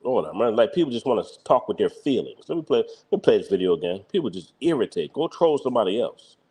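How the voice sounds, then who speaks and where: Philly guy ranting on his livestream, blunt, pitch jumping all over. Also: very animated, fast talker, warm tone. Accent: Philadelphia. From Philadelphia. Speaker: livestream host. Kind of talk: live reaction commentary.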